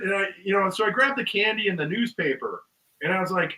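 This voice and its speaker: A man's voice: high-pitched, expressive, fast, bright, forceful tone, recorded from a distance, rough recording. A man telling a long story in casual chat, rambling with ums and uhs and acting out the voices of the people in it. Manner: rambling, full of ums and uhs, acts out quotes with laughs. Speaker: guest musician.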